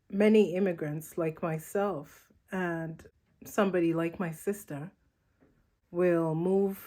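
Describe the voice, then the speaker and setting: A woman from Uganda speaks in a Ugandan accent that has shifted toward American. She talks slowly and deliberately, in a reflective vlog monologue with playful asides. Her voice sits fairly low. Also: a little mellow. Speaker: vlogger, channel host.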